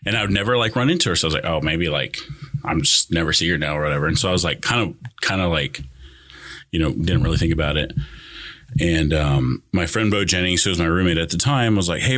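Man, young adult, very deep voice, bright edge, casual rambling storytelling, lots of fillers. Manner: rambling, many "like" fillers and restarts. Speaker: guest.

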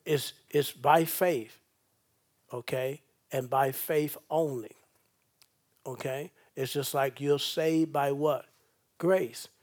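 A man's voice: on the high side, darkish tone. A man preaching a sermon as pastor in a church, often checking in with "okay?" and "amen?" in a call-and-response style.

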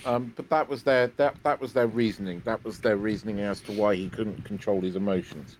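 A man's voice: lowish voice, fairly quick, darkish tone. A man co-hosting a podcast, explaining hesitantly with many restarts in casual chat. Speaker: podcast co-host. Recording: faint background noise.

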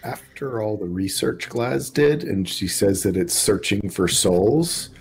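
Gravelly slow guy player, laid-back, faint music. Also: fairly low pitch, lively intonation. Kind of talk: casual tabletop play.

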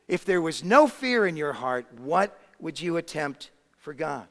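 A pastor preaching a sermon, swinging between loud emphasis and hushed quiet. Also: male voice, on the high side, sing-song, measured pace. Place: church sanctuary. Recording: long hall reverb.

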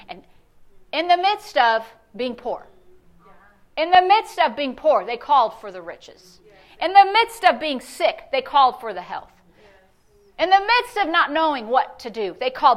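Bright high-voiced woman preaching a sermon. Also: normal speed. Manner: animated storytelling, acts out quoted voices, builds to emphatic declarations. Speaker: pastor. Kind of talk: sermon with personal testimony. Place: church sanctuary.

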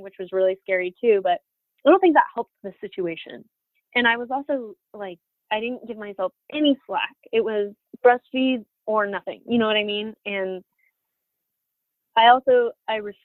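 A woman's voice: medium pitch, dry recording. A woman in her thirties telling her personal story as an interview guest, candid, with many fillers and restarts. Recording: dry, phone-like audio.

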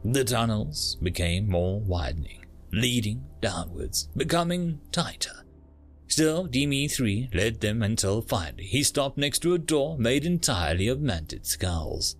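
Male audiobook narrator, gravelly timbre, expressive pitch movement, dramatic reads. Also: unhurried, soft background music. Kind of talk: scripted narration.

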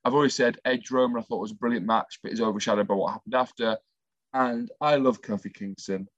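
A man's voice: lowish voice, steady tone, fast, no echo. A man co-hosting a talk show, telling stories keenly in casual chat. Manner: enthusiastic storyteller, chatty. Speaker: co-host, former athlete. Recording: dry, slightly dull sound.

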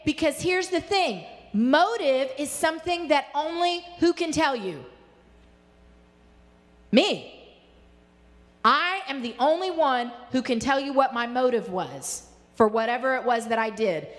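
A woman with a high voice teaches about relationships from a Christian angle. She is animated, slips into acted-out angry inner voices and slows right down to hammer home key points. Her voice rings with a long reverb, as in a large hall. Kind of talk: faith-based teaching talk.

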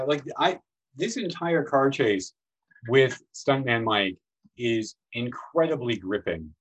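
A man chats about films on a podcast, rambling and full of restarts. His voice sits at a middle pitch, and he bursts into raised, excited voices when he quotes scenes. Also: poor audio. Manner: rambling, animated, acts out movie lines in high voices. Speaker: podcast host. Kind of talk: casual film discussion.

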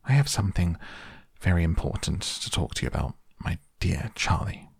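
A man's voice: low-pitched, very animated, moderate pace, breathy edge, dry recording, studio quality, heavily acted. A man voicing an eccentric, cheerful male chocolate maker in a breezy, offhand way. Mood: earnest.

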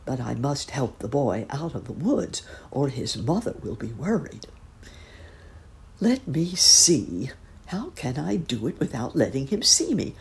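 Kindly old gentleman rabbit, gentle, musing, animated, played by a woman. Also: very deep voice, a little slow, heavily acted. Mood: thoughtful.

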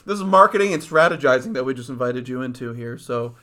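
A man's voice: medium pitch, expressive, fast talker, bright, forceful tone. A man co-hosting a casual podcast, joking with his friend and laughing often. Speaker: podcast co-host.

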